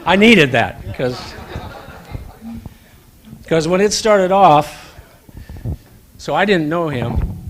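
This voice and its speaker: A man's voice: medium pitch, a little hiss or hum. A man giving a speech at a banquet, telling an anecdote and acting out the dialogue. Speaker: banquet speaker. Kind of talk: storytelling speech. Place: event hall.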